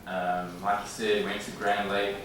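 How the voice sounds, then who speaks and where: A man in his thirties giving a halting, heartfelt acceptance speech, with many pauses and filler sounds, in a large banquet room. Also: fairly low pitch, completely flat delivery, recorded from a distance. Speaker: hall of fame inductee. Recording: echoey banquet hall from afar with room noise.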